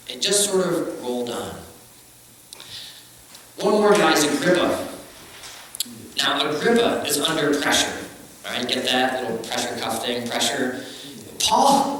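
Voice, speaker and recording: Animated preacher in a booming hall. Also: male voice, a little hiss or hum. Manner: conversational, joking, acts out quotes. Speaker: pastor. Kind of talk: sermon. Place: church. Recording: echoey hall, distant mic.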